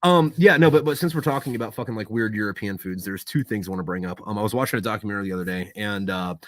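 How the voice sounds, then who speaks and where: A man talking as a podcast guest in casual chat, swearing often and rambling through animated stories. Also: lowish voice, racing, no echo, clean studio sound. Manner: profane, rambling, animated storyteller.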